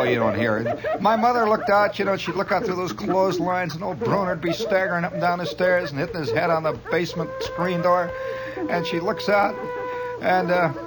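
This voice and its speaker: A middle-aged man telling rambling comic stories on the radio, chuckling often and jumping into high mock shouts. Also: brisk, a loud crowd, rough recording. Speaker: radio monologist.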